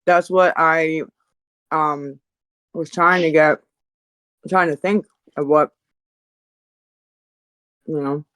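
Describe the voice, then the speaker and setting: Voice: medium pitch, fairly even intonation, drawn-out words, long pauses, a bit bright, clean tone, no room sound, poor audio. Hesitant, filler-heavy chat moderator. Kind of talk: casual voice chat.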